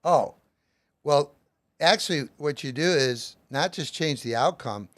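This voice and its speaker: A man's voice: fairly high pitch, a little slow, a bit bright, dry recording. A middle-aged man as an author and guest, explaining his method with plenty of everyday examples. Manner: emphatic, uses lots of everyday examples.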